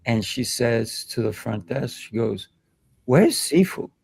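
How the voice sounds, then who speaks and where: A man who teaches kung fu and hosts a talk show, telling lively anecdotes in a casual discussion. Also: mid-range voice, measured pace, gravelly, husky, dry recording. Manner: animated, acts out children's voices in anecdotes. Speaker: kung fu instructor and show host.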